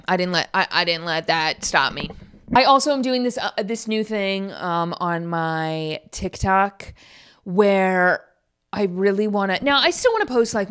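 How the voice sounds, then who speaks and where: A woman in her twenties hosting a podcast, rambling in casual chat full of fillers, her pitch jumping when she gets excited. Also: clear, resonant tone. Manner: chatty, rambling storyteller with many fillers. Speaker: podcast host.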